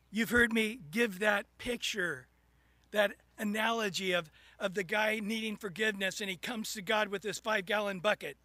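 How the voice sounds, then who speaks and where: A man preaching a sermon, animated, acting out little scenes and rising into sudden loud bursts. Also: high voice, normal speed, no room sound. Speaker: pastor.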